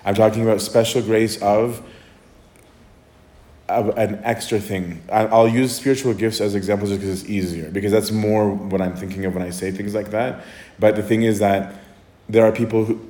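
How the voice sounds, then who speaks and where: Brief: male priest, low voice, chatty Q&A answers, roomy echoey sound. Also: fairly even intonation, normal speed, dark tone. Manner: conversational, often adds "right?" and restarts. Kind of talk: casual Q&A talk. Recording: echoey room.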